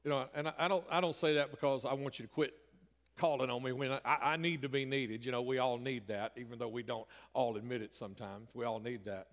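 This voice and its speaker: In a reverberant church hall, a middle-aged pastor talks fast through a folksy, conversational sermon, breaking now and then into emphatic bursts. His mid-range voice keeps a fairly even intonation. The setting is a church sanctuary.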